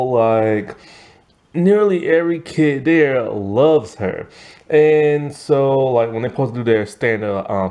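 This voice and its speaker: Man, cartoon episode reviewer, casual rambling talk, animated pitch, lots of fillers, a bit tired. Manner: rambling, filler-heavy, self-correcting. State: tired, yawning. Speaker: show reviewer.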